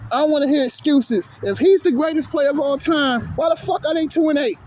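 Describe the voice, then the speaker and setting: A man's voice: extremely high pitch, fairly quick, a little mellow, slight background noise. A man hosting his own sports channel, delivering a heated, profane, repetitive rant at his viewers. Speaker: sports vlogger. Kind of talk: angry ranting monologue.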